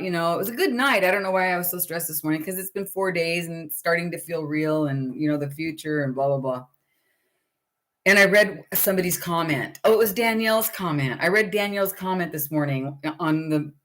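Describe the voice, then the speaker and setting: A woman's voice: on the low side, fairly bright tone. A middle-aged woman hosting a casual live chat with viewers, rambling and chatty with lots of fillers.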